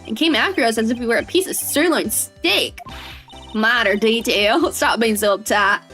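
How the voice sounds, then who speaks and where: A woman's voice: a little high, lively intonation, normal speed, a bit bright, soft background music. A woman voicing a cocky, brash Southern woman photographer with a folksy drawl, reading game dialogue aloud. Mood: breezy. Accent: American Southern. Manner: folksy drawl, bold and teasing.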